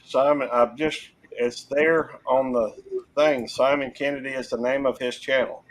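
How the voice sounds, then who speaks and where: A man's voice: mid-range voice, steady tone, measured pace, low-quality recording. A man chatting casually on a video call live stream, teasing others dryly. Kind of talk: casual chat.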